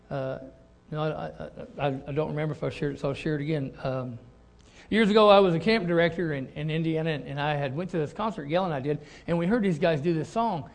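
A middle-aged male pastor delivering a sermon in a high, bright-pitched voice. He is animated and leans on repeated phrases to drive his points home. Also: vocal fry.

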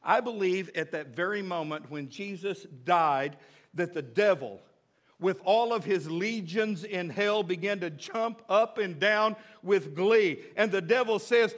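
A man's voice: high voice, unhurried, fairly bright tone. A male pastor preaching a sermon in an emphatic, repetitive way.

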